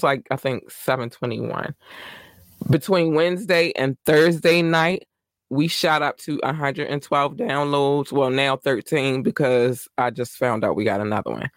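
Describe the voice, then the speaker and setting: A man with a Baltimore accent hosting his own podcast in casual, rambling chat, giving effusive shout-outs to his listeners. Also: medium pitch, no room sound, studio quality. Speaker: podcast host.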